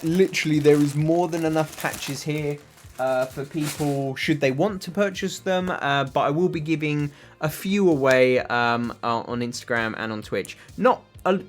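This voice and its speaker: A British man hosting a casual livestream, answering viewers' chat in a rambling way with lots of ums and uhs. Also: mid-range voice. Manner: rambling, filler-heavy, answers chat questions. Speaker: livestream host reading chat.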